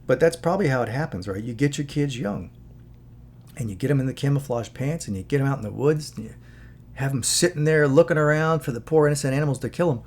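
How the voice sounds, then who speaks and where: A man's voice: mid-range voice, fast, a little mellow. A man talking in a casual, earnest commentary, moralizing and rambling with many asides as he hosts his own channel. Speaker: channel host.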